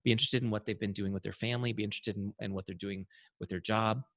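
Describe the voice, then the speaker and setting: A man giving an enthusiastic, chatty software training over a video call, telling stories with quick asides. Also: lowish voice, fairly even intonation, no echo.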